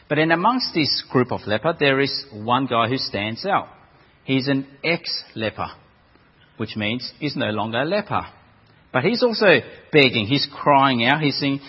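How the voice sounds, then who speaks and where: Chatty preacher in an echoey church. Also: male voice, mid-range voice, lively intonation, normal speed, husky. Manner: conversational, storytelling, repeats words when restarting. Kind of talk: sermon. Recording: dull echoey hall recording.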